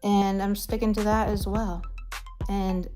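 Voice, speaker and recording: A woman's voice: medium pitch, level tone, measured pace, over music. A woman speaking on a livestream, defiant and unapologetic about what she said. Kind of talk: livestream commentary.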